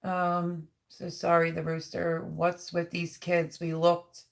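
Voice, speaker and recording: A woman's voice: on the low side, completely flat delivery, slow, creaky. A middle-aged woman hosting a live stream, reading viewers' chat comments aloud and answering them in a heartfelt, openly emotional, chatty way. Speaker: livestream host.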